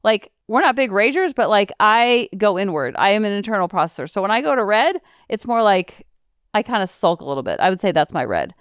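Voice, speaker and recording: A woman's voice: mid-range voice, fairly quick, clear, resonant tone, no room sound, studio quality. A woman hosting a parenting podcast, talking in a chatty, rambling way with lots of asides. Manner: animated, chatty, jumps between asides. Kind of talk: casual chatty monologue.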